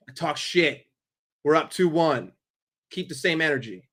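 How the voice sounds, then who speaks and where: Excitable, foul-mouthed New man. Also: fairly high pitch, a little slow, long pauses. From New York. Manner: profane, sarcastic and excitable, swinging from grumbling to yelling. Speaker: streamer hosting a football watchalong. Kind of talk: live football commentary.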